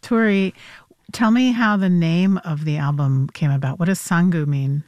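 A woman's voice: fairly low pitch, moderate pace, a little mellow, dry recording, clean studio sound. A woman hosting a radio interview, asking questions and giving short, enthusiastic reactions. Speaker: radio host.

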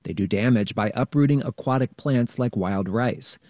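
A man, a radio reporter, narrating a scripted news feature in a calm, measured way. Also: medium pitch, no room sound, studio quality.

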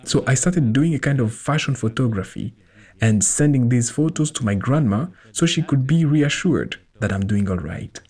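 A man reads an English voice-over translation of an interview. His voice is husky with a breathy edge, and he keeps a calm, measured storytelling pace. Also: medium pitch.

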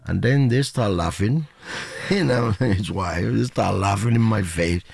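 Older male guest, 70s, non-native English, husky and gravelly, animated storyteller, dry sound. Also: lowish voice, a little slow. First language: not English. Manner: animated storyteller, laughs often, broken English. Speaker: guest musician. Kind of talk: casual interview chat.

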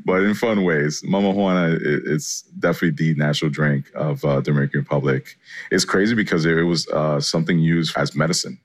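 Super deep voiced guy, chef chatting excitedly in an interview. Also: brisk. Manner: enthusiastic, loose and chatty. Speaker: chef and guest. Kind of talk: casual interview answers.

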